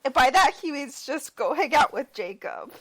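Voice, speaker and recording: Higher-pitched, animated woman podcaster, wry and chatty. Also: moderate pace. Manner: sarcastic, lively, laughs often. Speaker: podcast co-host. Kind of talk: casual movie recap chat.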